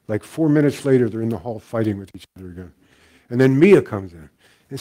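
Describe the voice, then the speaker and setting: Older guy telling stories at a talk, easygoing, warm mellow voice, chuckles a lot. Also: mid-range voice, fast. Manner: relaxed, chuckling storyteller. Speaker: guest teacher. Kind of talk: storytelling talk.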